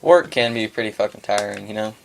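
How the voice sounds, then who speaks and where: A man's voice: lowish voice, a little fast, gravelly, a little hiss or hum. A young man co-hosting a casual homemade podcast, chiming in with loose, profane remarks. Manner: laid-back, profane, chiming in. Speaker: podcast co-host. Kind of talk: casual chat.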